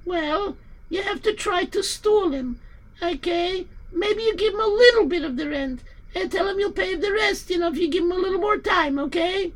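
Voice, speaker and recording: Woman as a high-voiced, worried innkeeper's wife, off-mic and distant, amateur radio play. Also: normal speed. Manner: emotional, talks in a rush of worry. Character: innkeeper's anxious wife, emotional and fussing.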